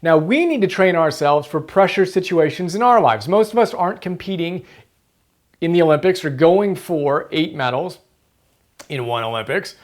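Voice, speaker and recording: A man hosting a motivational book-summary video, earnest and emphatic, repeating key phrases for stress. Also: high-pitched.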